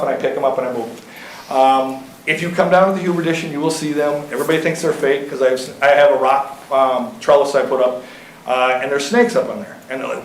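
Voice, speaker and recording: A man's voice: mid-range voice, fast talker, slight background noise. Chatty man, roomy council chamber. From Iowa. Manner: chatty and folksy, lots of fillers and anecdotes. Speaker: local reptile keeper speaking to city council. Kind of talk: casual storytelling at a public meeting.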